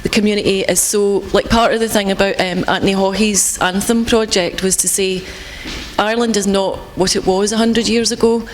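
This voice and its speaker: A woman on a panel, chatting and telling stories with lively ease. Her voice rings with a long hall reverb, and a faint noise sits underneath. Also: mid-range voice, normal speed. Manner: chatty, animated storytelling. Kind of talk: panel discussion.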